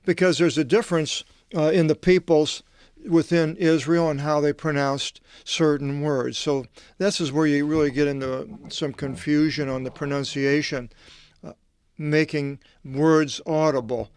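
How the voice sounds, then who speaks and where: A man, a Bible translator, reading scripture aloud with meandering, halting commentary and asides. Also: a little high, fairly even intonation, darkish tone, smooth, no echo, clean studio sound.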